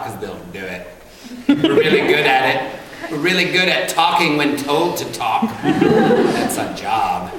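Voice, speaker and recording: A man's voice: mid-range voice, big pitch swings, moderate pace. A man, a voice actor, telling jokey stories at a convention panel. He laughs often and acts out voices. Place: large convention hall. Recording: echoey convention hall from far off, crowd ambience.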